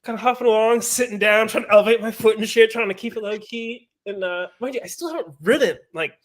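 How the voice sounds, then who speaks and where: Telling a story in a casual conversation, this man, a professional mountain biker, speaks quickly in a high voice. He gets animated, curses, and performs quoted voices.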